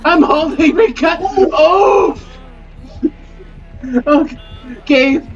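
A woman's voice: sits high, extremely slow, recorded from a distance, muffled recording. A woman commenting on her own gameplay in a panicky way, often shrieking and yelping. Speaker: gamer recording gameplay.

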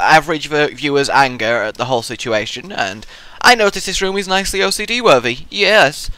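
A young man hosting a gaming video, talking in an excitable, rambling way and acting out the player's thoughts in silly voices. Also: a little high, fairly quick, dry recording. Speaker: gaming channel host. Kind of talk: Let's Play commentary.

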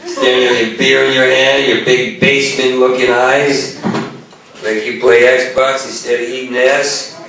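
A man doing a profane, rambling stand-up set at a comedy club, swinging his pitch and volume abruptly. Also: level tone, unhurried, music in the background. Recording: echoey club from far off.

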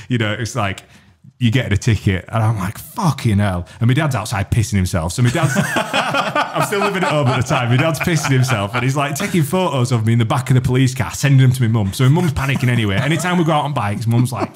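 A man, hosting a podcast and telling a story in a lively, sweary way. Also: medium pitch, quick pace, slight background noise. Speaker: podcast host. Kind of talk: casual chat.

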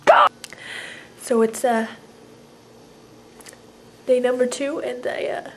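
A young woman acting in a home comedy sketch, mumbling and whispering groggily, then bursting into frantic shouts. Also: a little high, slow pace, pauses often, slight background noise. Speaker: comedic video sketch performer. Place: home kitchen.

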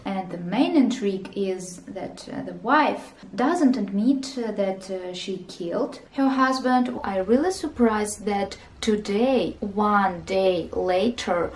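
A woman from Russia with a Russian accent hosting a casual vlog, explaining things in a deliberate, plain way. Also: medium pitch, darkish tone. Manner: deliberate, plain-spoken teaching. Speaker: vlogger host. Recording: echoey room with faint noise.

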